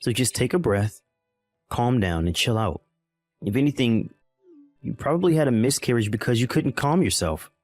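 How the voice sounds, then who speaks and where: A man's voice: mid-range voice, lively intonation, moderate pace, darkish tone, soft background music, natural voice. A man playing a dismissive, callous young husband in a voiced text-message drama, irritated and condescending.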